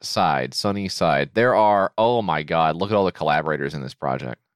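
A man's voice: extremely low pitch, lively intonation, normal speed, smooth, no echo, studio quality. A man co-hosting a casual podcast, joking sarcastically and swearing freely as he reads out listener emails. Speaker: podcast co-host.

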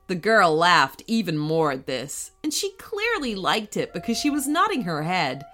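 A woman narrating a children's story in a slow, expressive way. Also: fairly low pitch, soft background music.

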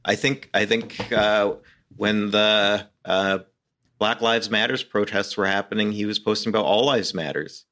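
A man's voice: fairly low pitch, fairly even intonation, a little slow, bright, forceful tone. A man talking casually as a guest on a podcast, hesitant at times and laughing often.

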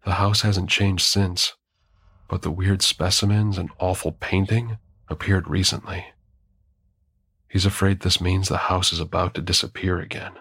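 A male narrator telling a first-person horror story in a measured, grim way. His voice is very deep and gravelly, with a husky, breathy edge. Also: steady tone, a bit bright.

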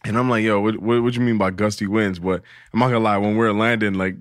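A young man with a lowish voice spins a rambling travel story for his podcast co-hosts. He swears freely and breaks into laughter, and the recording is dry and close. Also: quick pace, dry recording. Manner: animated storyteller, laughs often, heavy swearing. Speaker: podcast co-host. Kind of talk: casual storytelling chat.

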